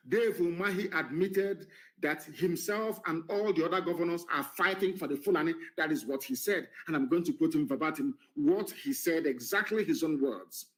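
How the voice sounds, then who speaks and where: A man gives a fiery political address. His voice sits somewhat high for a man. He hammers his points home with repetition and drops in a deliberate "should I say" as he searches for words. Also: rough recording. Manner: emphatic and defiant, repeats phrases, pauses with "should I say". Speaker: political leader addressing followers. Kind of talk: impassioned political broadcast.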